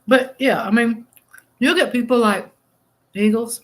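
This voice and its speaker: A woman's voice: a little high, a little slow. A middle-aged woman, chatting casually on a live stream, reading viewer comments aloud and eating as she talks. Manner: chatty and exclamatory, eating while talking. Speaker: livestream host.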